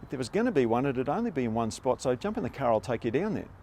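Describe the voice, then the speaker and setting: A man putting on a laconic outback weather station bloke with an Australian accent, answering in a low, quiet, dry drawl. He sounds flat and matter-of-fact, in no hurry at all. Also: fast, slight background noise.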